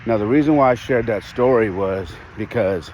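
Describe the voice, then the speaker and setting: A man's voice: lowish voice, moderate pace, a little mellow, a little hiss or hum. A man hosting a podcast, telling a personal story candidly and reflectively, with restarts and the odd sigh. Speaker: podcast host.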